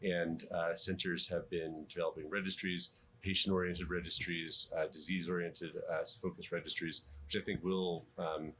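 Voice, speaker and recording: A very deep-voiced male cardiologist talks through his answers slowly and thoughtfully, pausing with frequent ums and restarting his sentences. A faint hum sits behind the voice. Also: little pitch movement, pushed and bright. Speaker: interviewed cardiologist.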